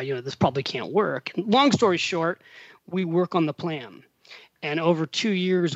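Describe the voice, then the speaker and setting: A middle-aged American man as a podcast guest, telling a story with animated voiced-out quotes and frequent laughs. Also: on the high side, no room sound, lo-fi sound. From USA. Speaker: podcast guest, finance author. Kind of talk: casual storytelling interview.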